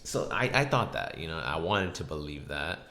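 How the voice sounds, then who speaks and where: Gravelly deep-voiced man, reflective. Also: animated, moderate pace, sharp tone, slight background noise. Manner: hesitant and reflective, many restarts. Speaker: podcast host. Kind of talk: casual storytelling chat. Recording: echoey room.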